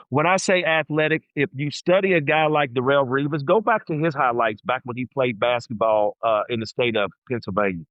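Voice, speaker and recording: A man in casual podcast chat, telling stories with restarts and a lot of "you know." His mid-pitched voice comes through close and dry, a bit muffled. He gets animated as he tells them. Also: smooth, no room sound. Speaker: podcast guest.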